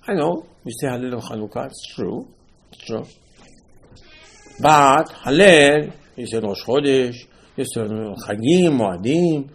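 Animated man giving a religious lecture. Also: mid-range voice, rough recording. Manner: animated, with frequent rhetorical questions; repeats and restarts phrases while building a point. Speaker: Torah teacher.

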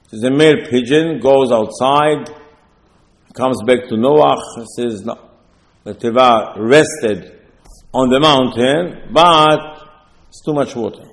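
A man with preaching a sermon, telling stories with asides and rhetorical questions. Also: mid-range voice. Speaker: rabbi. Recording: long hall reverb.

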